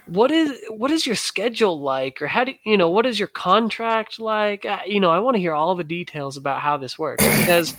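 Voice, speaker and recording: A man's voice: high voice, animated, normal speed, few pauses, fairly bright tone, dry recording. A man hosting an interview, asking curious follow-up questions and affirming the answers. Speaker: podcast host. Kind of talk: casual interview.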